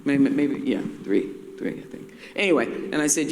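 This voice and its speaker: An older woman on a panel, telling an anecdote in an animated way, laughing and acting out the voices she quotes. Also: very deep voice, normal speed, few pauses, slight background noise. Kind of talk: anecdotal storytelling. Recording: roomy hall with long reverb.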